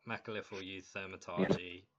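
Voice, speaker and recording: Deep-voiced man playing a tabletop game. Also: little pitch movement, a little fast, muffled recording, a crowd in the background. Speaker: player. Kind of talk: describing his character's actions.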